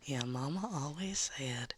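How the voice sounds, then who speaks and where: A woman with a Southern US accent, whispering and giggling softly while chatting on a live ASMR stream. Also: extremely low pitch, lively intonation, a little slow, a little hiss or hum.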